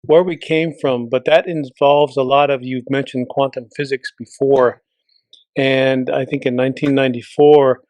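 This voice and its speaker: A Lakota man speaking in a reflective, halting way as a guest in a conversation. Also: medium pitch, steady tone, a little mellow, dry recording. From Lakota homeland, United States. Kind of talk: casual conversation.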